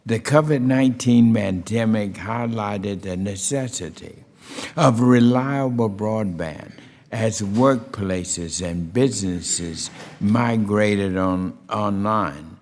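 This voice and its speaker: A man opens a committee hearing with formal remarks, his voice on the low side. He talks slowly and deliberately, often filling gaps with "uh". The long reverb of the hearing room trails after each phrase. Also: a little mellow. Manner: deliberate, with frequent "uh" fillers. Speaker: committee chair.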